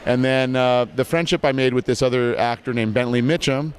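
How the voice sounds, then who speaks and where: Animated male storyteller outdoors. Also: mid-range voice, brisk, slight background noise. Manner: lively storyteller, mimics voices in anecdotes. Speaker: voice actor guest. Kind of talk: casual interview chat. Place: outdoors at a convention.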